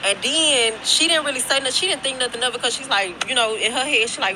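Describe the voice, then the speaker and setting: A young woman with a high voice talks fast, barely pausing, against a noisy background. Taking a break at work, she rambles through a profane story for her phone, frequently calling out to viewers as y'all.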